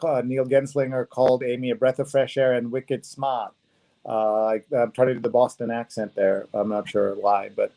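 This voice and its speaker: Man, mid pitch, warm dark tone, online show host, hesitant restarts. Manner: halting, restarts often. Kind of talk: casual video-call interview.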